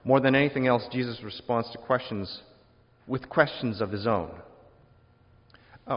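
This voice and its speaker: A man preaching a sermon, lively and wry, acting out quoted questions in different voices and adding joking asides. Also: mid-range voice, normal speed, pauses often. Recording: dull lo-fi sound with long hall reverb.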